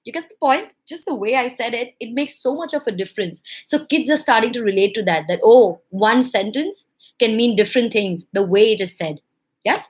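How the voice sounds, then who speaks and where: A young woman talks parents through early learning in a casual, animated way. She acts out their voices as she goes, with a lively, friendly delivery. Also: on the high side, normal speed. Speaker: parenting educator. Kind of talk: casual instructional talk to parents.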